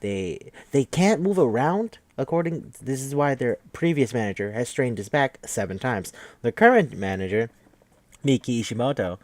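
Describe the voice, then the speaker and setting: A man's voice: medium pitch, very animated, moderate pace, a little mellow, no room sound. A man hosting a podcast, giving a casual, rambling, profane recap of an anime with wry asides. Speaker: podcast host.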